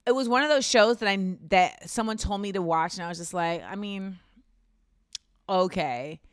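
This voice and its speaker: Woman, podcast guest, casual chat, emphatic, smooth crisp voice. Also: medium pitch, fairly quick, dry recording, clean studio sound. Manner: animated, emphatic storytelling.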